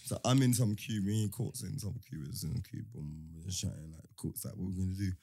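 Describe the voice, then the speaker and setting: Animated man spinning a yarn. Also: low voice, brisk, creaky, breathy edge. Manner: animated slang-heavy anecdote, laughing. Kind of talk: casual storytelling chat.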